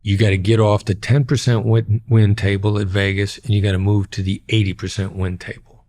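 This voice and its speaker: A man's voice: lowish voice, flat delivery, a little fast, mellow. A middle-aged man, a former hostage negotiator, speaking as a podcast interview guest in a plain-spoken way and repeating key phrases for emphasis.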